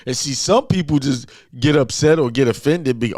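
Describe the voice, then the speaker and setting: A man's voice: mid-range voice, normal speed, few pauses, a little mellow, dry recording, clean studio sound. A man giving an informal motivational sermon, talking bluntly and emphatically, often repeating himself. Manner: emphatic, repetitive, talks straight and blunt. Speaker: spiritual speaker.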